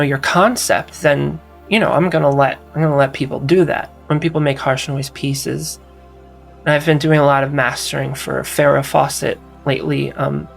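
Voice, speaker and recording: Gravelly-voiced woman, frank and profane. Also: low-pitched. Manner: frank, profane, rambling with many restarts. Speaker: musician and mastering engineer answering viewer questions. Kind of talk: casual solo Q&A.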